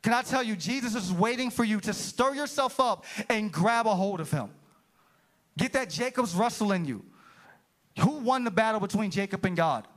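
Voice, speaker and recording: A man's voice: high-pitched, expressive, normal speed, fairly bright tone. A man pastor preaching an impassioned sermon to a church congregation, calling out to the room. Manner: impassioned preaching, calls to the room, rising and falling. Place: church sanctuary.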